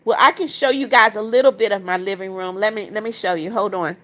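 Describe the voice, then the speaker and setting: A woman's voice: mid-range voice, fast, fairly bright tone. A woman hosting a casual livestream from her apartment, chatting and reading viewer comments aloud as she shows viewers around. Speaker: livestream host.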